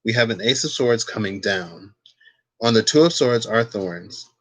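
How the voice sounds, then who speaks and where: A man's voice: lowish voice, animated, a little slow, a bit bright. A man giving a casual, rambling tarot card reading, curious and chatty, wandering off on tangents. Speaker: tarot reader.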